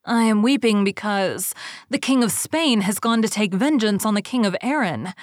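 A woman's voice: medium pitch, moderate pace, dry recording, studio quality, natural voice. A woman voicing a loving, grave mother queen in a fairy tale read aloud. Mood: tender.

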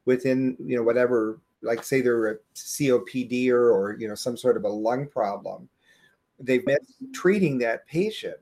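A man hosting a health podcast, setting up a question in a measured way while he searches for words. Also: medium pitch, a little mellow. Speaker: podcast host, doctor. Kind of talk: interview question.

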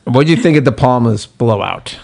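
A man's voice: mid-range voice, moderate pace, gravelly, darkish tone. A man co-hosting a casual podcast chat, teasing and bantering with the others. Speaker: podcast co-host.

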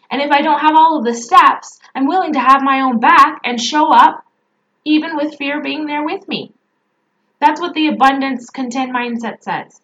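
A woman's voice: high voice, a bit bright, highs cut off. A woman mindset coach giving a motivational talk, repeating emphatic affirmations.

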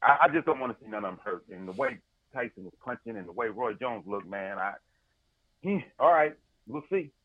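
A man's voice: on the low side, fairly quick, no echo, muffled recording. A man co-hosting a podcast, telling a story in casual sports chat with lots of energy and paraphrase. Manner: animated storyteller, paraphrasing and laughing. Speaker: podcast co-host.

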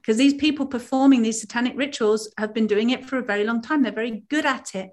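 A woman's voice: fairly high pitch, fast talker. A woman spiritual healer talking earnestly in a casual podcast conversation, rambling with many restarts.

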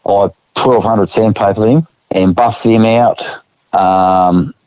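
A man with an Australian accent telling a story in a relaxed, casual way, acting out what people said, with the odd chuckle. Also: fairly low pitch, slow pace, clean tone, dry recording, dull audio. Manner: laid-back yarn-spinner, acts out quotes with chuckles. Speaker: guest.

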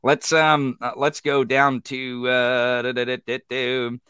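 A man's voice: medium pitch, flat delivery, takes it slowly, pushed and bright, clean tone, no echo, clean studio sound. A man hosting a podcast, laid-back and jokey in casual political chat. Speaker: podcast host.

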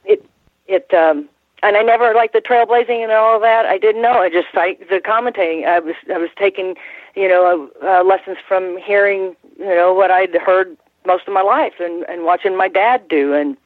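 An older woman, a guest in an interview, telling stories in a rambling, halting way with frequent restarts and laughs. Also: mid-range voice, dry recording. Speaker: guest, former ring announcer. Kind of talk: casual interview storytelling. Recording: tinny phone line.

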